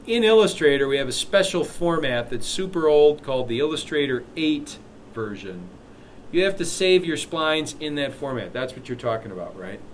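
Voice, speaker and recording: A man teaching a live software class, walking students through steps with chatty, joking asides. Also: on the high side, lively intonation, moderate pace, a little hiss or hum. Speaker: instructor.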